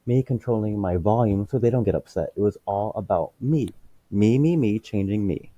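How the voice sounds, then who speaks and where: A man's voice: fairly low pitch, normal speed, warm tone, dry recording, lo-fi sound. A man, a teacher and podcast guest, speaking in a blunt, matter-of-fact way in a casual interview.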